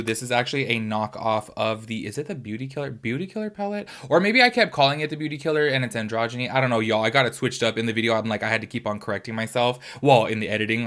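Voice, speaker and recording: A young man from California chatting animatedly in a casual beauty commentary vlog. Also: mid-range voice. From California, United States. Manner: chatty and animated, lots of fillers like "y'all".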